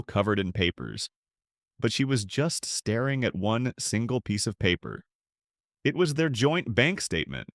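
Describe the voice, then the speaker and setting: An older man narrates a dramatic story in the first person. His voice sits low but swings widely for emphasis, recorded dry and close to the mic. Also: a bit bright, no echo.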